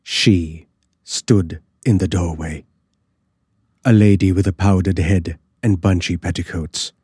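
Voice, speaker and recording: A man slowly narrating a classic horror story in a measured, dramatic way. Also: low-pitched, fairly even intonation, mellow, slightly rough, no echo, clean studio sound.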